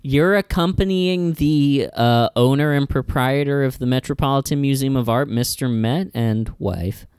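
A man's voice: medium pitch, normal speed, hardly any pauses, a little mellow, clear, resonant tone. A man improvising a comedy scene, playing it flustered and politely exasperated. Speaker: comedy podcast co-host.

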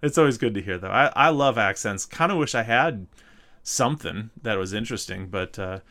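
A man's voice: fairly low pitch, brisk, sharp tone. A man co-hosting a podcast in casual chat, with no regional accent and a wry, joking manner. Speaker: podcast co-host.

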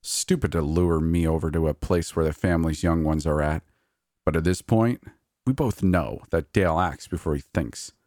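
A man voicing a sly, scheming male creature in a horror story, speaking slowly and mockingly. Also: rumbling low, darkish tone, no echo, clean studio sound. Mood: smug, scheming. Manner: slow, deliberate, mocking. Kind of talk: horror audiobook reading.

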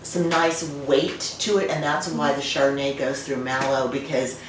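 A middle-aged woman winemaker with a bass voice speaks at a moderate pace and steady tone, telling family stories as a guest in a casual interview. She's warm but full of fillers and restarts, and the recording is roomy and distant with faint noise.

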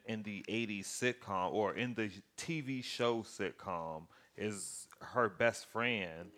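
Profane, animated man recapping a show. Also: fairly low pitch. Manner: profane, animated storytelling with acted-out quotes. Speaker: podcast co-host.

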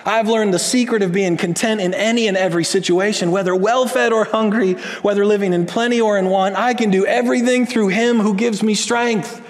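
Animated male pastor in a reverberant hall. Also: sits high, a little fast, hardly any pauses. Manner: animated, swings from loud to hushed. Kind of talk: sermon. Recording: long reverb of a large hall.

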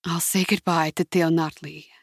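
A devoted, loyal man speaks respectfully and earnestly, as a woman reads him in her own voice. The tone is slightly husky and dry. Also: low voice, flat delivery, moderate pace, no echo.

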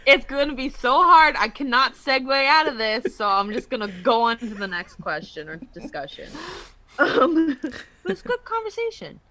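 Bright, chatty woman host. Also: high voice, big pitch swings, normal speed, poor audio. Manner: chatty, giggly, friendly. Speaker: podcast host. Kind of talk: casual chat.

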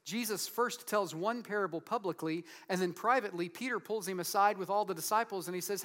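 A man preaching a sermon in an earnest, conversational way, asking the congregation frequent rhetorical questions and dropping to a soft voice for emphasis. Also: high voice, brisk, few pauses. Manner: drops to a soft, quiet voice for emphasis. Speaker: pastor.

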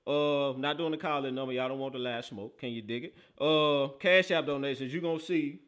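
A man's voice: medium pitch, a little fast, a bit bright. A man hosting his football talk show, hyped and playful, with easy slang and a casual patter. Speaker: podcast host. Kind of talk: casual chat.

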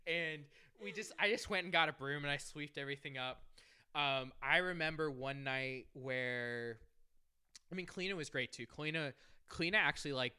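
A young man hosting a podcast, telling rambling, animated work stories with swearing and laughter. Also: a little high, normal speed, smooth. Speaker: podcast host. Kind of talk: casual storytelling chat.

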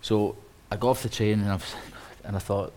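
A man, an interior designer, telling a lively story on a live panel, acting out quotes with many restarts. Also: on the low side, brisk. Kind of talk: anecdote on a live panel talk.

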